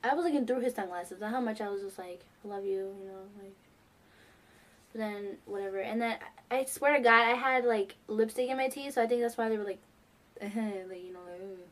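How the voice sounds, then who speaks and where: A teenage girl excitedly telling a rambling fan story, full of fillers. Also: on the high side, fairly quick. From New York. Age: teens. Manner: gushing, rambling, many fillers. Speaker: fan vlogger.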